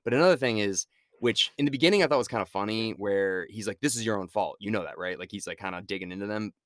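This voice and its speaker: A man co-hosting a podcast in casual movie-review chat, animated and swearing freely as he acts out characters' lines. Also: lowish voice, fast, dry recording, clean studio sound. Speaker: podcast co-host.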